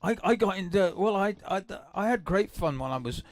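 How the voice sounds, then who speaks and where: An older English man hosting a livestream, chatting in a rambling, excitable way with many restarts between songs. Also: sits high, a little fast. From England. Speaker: livestream host and guitarist. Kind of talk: casual chat between songs. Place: home livestream. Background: acoustic guitar.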